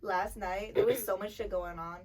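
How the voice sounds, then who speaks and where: A woman's voice: mid-range voice, steady tone, normal speed, recorded from a distance. A young woman co-hosting a podcast, telling stories in casual chat, laid-back and profane, laughing often. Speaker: podcast co-host.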